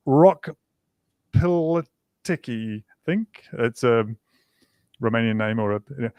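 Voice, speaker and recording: A man's voice: mid-range voice, a little slow, clear, resonant tone, dry recording. A male guest on a livestream, chatting casually in a self-mocking, joking way.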